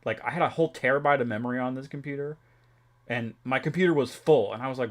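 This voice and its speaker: A young man talking loosely on a live stream, his pitch sitting in the middle range for a man. He wanders through his thoughts with lots of "like" and restarts, and laughs easily between them. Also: fast talker. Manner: rambling, laughing, many fillers and restarts. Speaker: streamer chatting with viewers. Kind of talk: casual chat.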